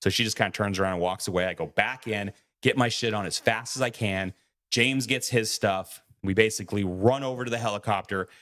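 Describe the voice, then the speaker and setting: A man's voice: on the low side, fairly quick, fairly bright tone. A man co-hosting a podcast, telling a story in a casual way, acting out quoted lines and swearing freely. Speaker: podcast co-host.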